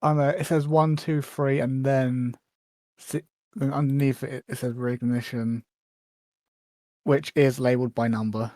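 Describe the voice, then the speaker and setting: A man co-hosting a podcast, chatting casually with short, relaxed reactions. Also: mid-range voice, unhurried, no echo. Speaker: podcast co-host. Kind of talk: casual chat.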